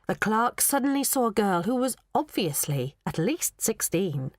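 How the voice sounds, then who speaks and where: Animated woman reading a children's book. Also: mid-range voice, normal speed, hardly any pauses, dry recording, clean studio sound. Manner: expressive storytelling. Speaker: audiobook narrator. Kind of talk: scripted narration.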